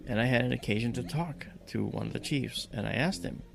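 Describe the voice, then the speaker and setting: A man recounting a dramatic personal experience, telling it in an animated way and acting out the voices of the people in it. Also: medium pitch, fairly quick, gravelly. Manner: animated storyteller who acts out quoted voices. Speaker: guest recounting a personal story. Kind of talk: storytelling in conversation.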